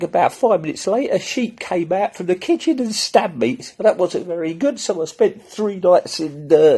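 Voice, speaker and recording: A man playing a rambling comic character who tells silly jokes with many pauses and asides. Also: fairly high pitch, dark tone, husky. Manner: rambling, hesitant, full of filler asides. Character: rambling male jester Lord Clan Dancer. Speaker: comedy character sketch.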